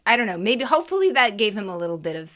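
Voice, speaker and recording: A woman co-hosts a casual sports podcast, telling long stories in a chatty, animated way. Her voice is bright and forceful. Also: mid-range voice, rapid-fire. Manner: chatty, animated storytelling with frequent "like" and laughs. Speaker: podcast co-host.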